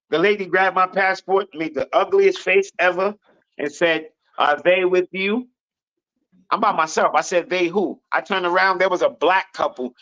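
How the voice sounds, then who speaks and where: An American man on a podcast panel, telling stories in a loud, animated voice and swearing a lot. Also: high voice. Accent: American English. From United States. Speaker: panel guest. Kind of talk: casual storytelling on a podcast panel. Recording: dull lo-fi remote audio.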